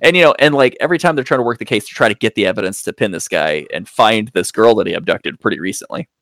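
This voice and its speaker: A man's voice: fairly low pitch, lively intonation, quick pace, a bit bright, dry recording, studio quality. Rambling, profane man recapping a movie. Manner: rambling, profane, acts out quotes with big voice jumps. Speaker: podcast co-host reviewing movies. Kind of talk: casual chat.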